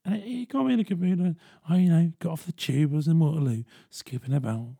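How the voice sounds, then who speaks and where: A young man telling a personal story in a casual, animated way, swearing freely. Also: on the high side, fast, creaky, husky, no room sound, studio quality. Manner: animated, swearing, chuckling asides.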